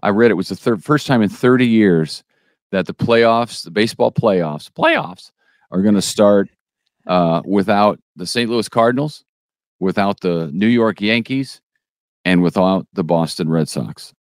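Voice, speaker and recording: Male news podcast co-host, very deep, stop-start delivery, dry booth sound. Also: no echo. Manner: halting, restarts often, opinionated asides. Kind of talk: casual news chat.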